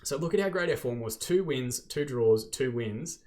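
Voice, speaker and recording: A man's voice: medium pitch, lively intonation, moderate pace, darkish tone. An Australian man hosting a football management video game series, narrating match play with exasperated, self-deprecating commentary.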